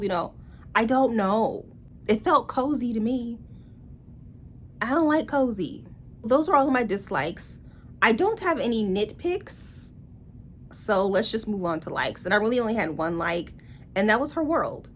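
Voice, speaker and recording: A woman's voice: a little high, big pitch swings, unhurried, long pauses, a little hiss or hum. A woman giving a casual book review in a blunt, sarcastic way.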